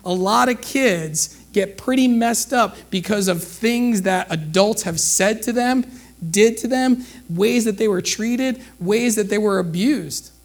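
A man's voice: high-pitched, a little slow. A middle-aged man preaching a sermon in a conversational way, full of rhetorical questions to the listeners. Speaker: pastor.

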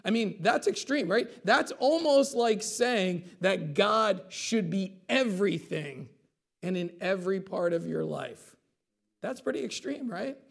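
Male pastor, high-pitched gravelly voice, chatty sermon delivery with frequent asides. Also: animated, unhurried. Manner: conversational preaching, acts out quotes with asides like "okay?".

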